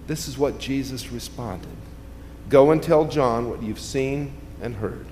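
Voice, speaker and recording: A man preaching a sermon, his delivery rising to loud, emphatic peaks and dropping to quiet, hushed asides. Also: mid-range voice, measured pace. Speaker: pastor. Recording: long reverb, faint ambient noise.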